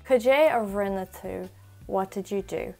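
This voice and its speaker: A woman tutor talks through phrases in a relaxed, chatty lesson, racing through her explanations and slowing down to repeat each example. Her voice has a gravelly edge. Soft music plays faintly under her. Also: medium pitch. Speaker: Irish language tutor. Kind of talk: casual spoken language lesson.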